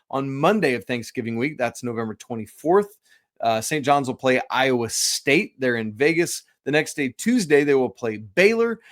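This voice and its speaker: A man hosting a college basketball podcast in a loose, chatty way, full of quick self-deprecating asides. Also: mid-range voice, dry recording, studio quality. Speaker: podcast host. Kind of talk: casual sports talk.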